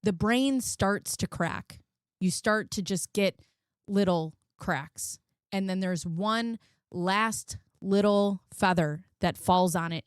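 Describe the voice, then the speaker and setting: On the low side, a woman's voice is heard in clean studio audio with no room sound. As a commentary channel host, she candidly shares a personal story, speaking to her viewers like friends, emotional, frank and freely profane.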